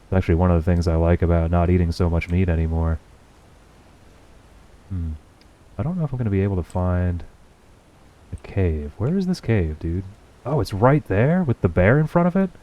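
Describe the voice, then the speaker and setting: A man's voice: sits low, animated, moderate pace, long pauses, highs cut off. A young man streaming gameplay, chatting casually with viewers in a profane, sarcastic running commentary. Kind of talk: casual livestream gameplay chat.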